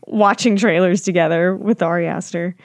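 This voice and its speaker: A woman's voice: fairly low pitch, steady tone, normal speed, dry recording. A young woman co-hosting a podcast in casual chat, playful and giggly, often breaking into silly voices. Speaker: podcast co-host.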